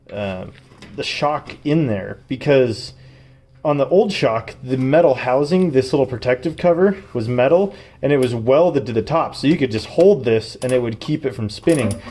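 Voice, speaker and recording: A man's voice: medium pitch, darkish tone, a little hiss or hum. Chatty man narrating his own repair work. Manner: chatty, joking, strained while reaching. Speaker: DIY car vlogger. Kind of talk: casual how-to commentary while working. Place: working on a truck's rear suspension.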